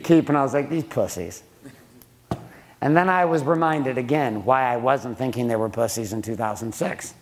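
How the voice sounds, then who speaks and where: A man's voice: medium pitch, brisk, few pauses. A middle-aged man giving a blunt, profane motivational business talk to a live audience, swearing freely and throwing questions at the room. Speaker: speaker teaching a room of men.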